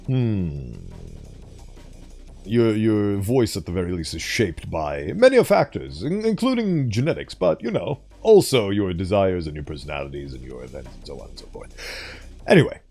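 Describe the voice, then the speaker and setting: A man's voice: low-pitched, very animated, moderate pace, mellow, faint music behind. A man streaming live, chatting playfully with viewers and laughing as he reads stories. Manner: playful, laughs often, greets chat. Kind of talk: casual live-stream chat.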